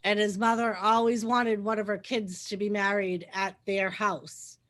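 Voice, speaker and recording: A woman's voice: mid-range voice, flat delivery, measured pace, a bit bright. A woman chatting casually on a livestream, laughing often and acting out quoted lines as she tells a story.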